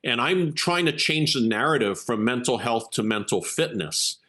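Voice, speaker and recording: Medium in pitch and normal in speed, this man's voice carries an earnest story told during an interview. A keynote speaker and executive coach by trade, he tells it with animation and dramatizes the quotations.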